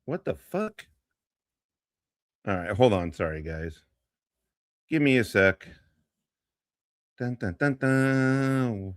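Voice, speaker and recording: A man hosting a live stream and giving casual reaction commentary in a profane, mocking, excitable way. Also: medium pitch, slow, long pauses, no echo, studio quality.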